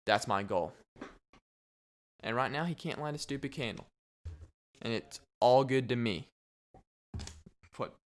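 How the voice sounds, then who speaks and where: A man's voice: mid-range voice, unhurried, long pauses. A young man hosting a casual solo podcast, rambling and joking with frequent laughs. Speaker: podcast host.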